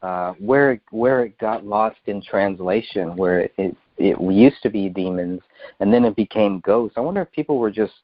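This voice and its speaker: A male host thinks aloud in a casual conversation, halting and repeating words as he goes. His voice is low. The audio is dry and dull, like a lo-fi recording. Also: no echo.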